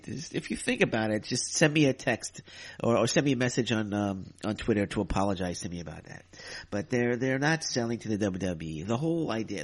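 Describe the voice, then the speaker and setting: A man hosting a solo podcast, ranting in an exasperated way and repeating himself as he talks. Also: on the low side. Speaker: podcast host. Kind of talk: casual solo podcast commentary.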